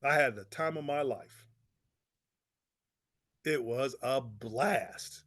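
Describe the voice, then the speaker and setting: A man, a pastor, giving a motivational talk with energetic storytelling and repeated phrases for emphasis. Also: mid-range voice, takes it slowly. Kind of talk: motivational talk to network marketers.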